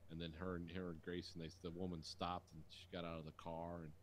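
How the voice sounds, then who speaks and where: A man's voice: little pitch movement, a little fast, slight background noise. A man in his thirties co-hosting a podcast, telling stories in crude casual chat with frequent laughter. He swears freely and keeps slipping into mocking impressions of other people. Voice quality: profane, laughs often, mimics people in high voices. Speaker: podcast co-host.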